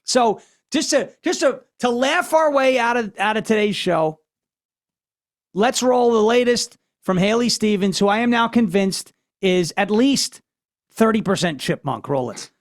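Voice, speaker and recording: Brash, high-voiced male show host. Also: expressive, a little slow. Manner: mocking, brash and loose. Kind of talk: political commentary show.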